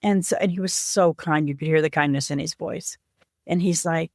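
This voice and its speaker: A woman's voice: low-pitched, normal speed, no room sound. Earnest woman telling a family story, dry sound. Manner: earnest, animated retelling with lively voiced quotes. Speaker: podcast guest. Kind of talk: personal storytelling in a podcast interview.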